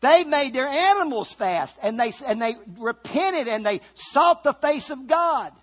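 A man preaching a sermon, fervent, swinging from loud calls to quiet asides. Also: very high-pitched, expressive, measured pace.

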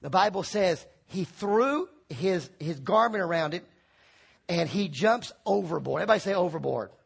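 A man preaching a lively sermon, acting out quoted voices and shouting for emphasis. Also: high-pitched, normal speed, vocal fry, breathy edge.

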